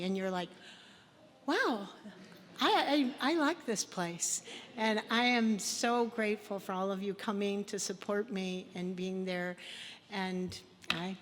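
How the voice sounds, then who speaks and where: A woman giving a short acceptance speech at an award event, grateful and slightly halting. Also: mid-range voice. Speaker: award recipient. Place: event hall. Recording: long hall reverb with faint noise.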